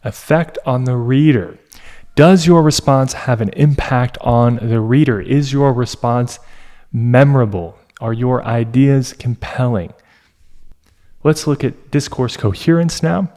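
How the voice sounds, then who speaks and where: A man tutoring for an English exam, talking unhurriedly and leaving pauses between points. His voice sits at an ordinary middle pitch. He explains each term with a steady, teacherly manner. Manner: slow, deliberate, teacherly with pauses. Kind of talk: explanatory lesson.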